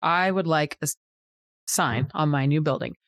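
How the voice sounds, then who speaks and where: A woman co-hosting a casual business podcast, setting up scenarios and asking steady questions. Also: deep voice, moderate pace, dry recording, clean studio sound. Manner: interviewing, steady prompting questions. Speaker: co-host.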